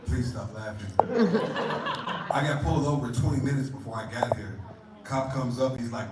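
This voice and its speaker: A man doing a deadpan, self-deprecating stand-up set and teasing the crowd. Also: mid-range voice, moderate pace. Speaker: stand-up comedian. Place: comedy club stage. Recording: echoey club room from a distance, loud noise.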